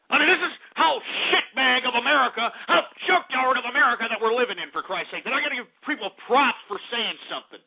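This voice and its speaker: A man's voice: very high-pitched, animated, fast, gravelly, hardly any pauses. A man hosting a call-in radio show, ranting angrily and cursing as he takes calls. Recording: narrow phone-like lo-fi radio.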